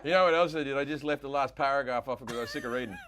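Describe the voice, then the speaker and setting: A man's voice: mid-range voice, rapid-fire, a loud crowd. A middle-aged man with an Australian accent, chatting as a comedy guest, self-deprecating with stammered restarts. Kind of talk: casual comedic chat.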